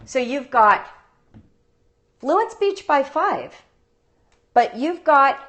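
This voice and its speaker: A woman's voice: sits high, sing-song, very slow, a bit bright. A woman who teaches homeschool writing, giving a live-streamed talk on a phone with playful stories and rhetorical questions. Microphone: phone livestream.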